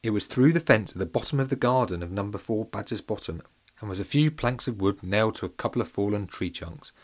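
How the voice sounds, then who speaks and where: A man reads a children's storybook aloud with a playful, animated lilt. His voice sits on the low side. He talks straight to his young listeners. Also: fast. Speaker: narrator. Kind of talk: children's audiobook reading.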